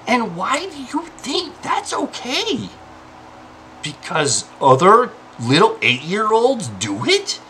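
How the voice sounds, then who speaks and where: A man delivers an angry personal rant, exasperated and profane, at times pleading. He speaks slowly and with emphasis, and his pitch swings widely. His voice has a bright, sharp edge over faint background noise. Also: rough recording. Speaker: indie game developer and content creator.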